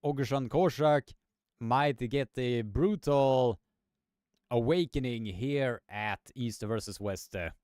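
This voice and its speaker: Slow, smooth-voiced commentator man. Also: darkish tone, dry recording, clean studio sound. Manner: halting, many fillers and restarts, rises in pitch on the action. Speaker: live arm wrestling commentator. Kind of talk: live sports commentary with chat.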